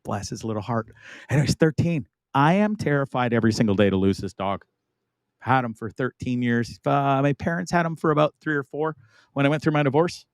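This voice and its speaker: A man's voice: medium pitch, brisk, dry recording. Rambling, upbeat middle-aged man hosting. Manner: rambling, enthusiastic, frequent laughs and asides. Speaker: host of a live online talk show. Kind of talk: casual live-stream chat.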